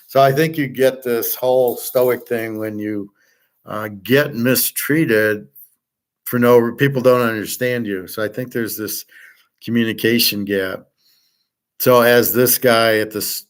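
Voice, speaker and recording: A middle-aged man holds forth in a rambling monologue on his own show. His voice sits at an ordinary pitch, and he sounds blunt and sure of himself, stumbling into repeated words as he rants. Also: fairly even intonation, measured pace. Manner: blunt, self-assured, repeats words while ranting. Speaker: podcast host.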